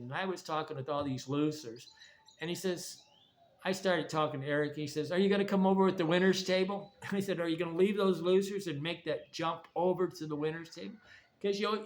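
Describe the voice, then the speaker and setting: Blunt, rambling man, high-ish voice. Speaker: vlogger. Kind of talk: casual monologue. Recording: faint background noise.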